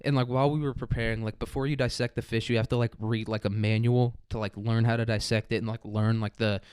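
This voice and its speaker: A man's voice: mid-range voice, level tone, fast, a little mellow, clear, resonant tone, no room sound, studio quality. A young man from the American Midwest hosting a podcast in a crude, rambling comedy monologue, laughing often. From Kansas City area, American Midwest. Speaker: podcast host.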